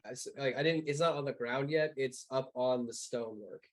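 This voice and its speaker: A man's voice: medium pitch, brisk, rough recording. Rambling, profane male game master. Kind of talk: narrating a tabletop game.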